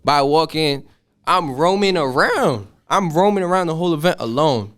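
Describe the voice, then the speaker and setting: An eighteen-year-old man excitedly telling a profane story, acting out the voices of the people in it. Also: on the high side, normal speed, no echo, studio quality. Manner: animated, profane, acts out voices in his story. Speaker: podcast guest. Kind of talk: casual storytelling.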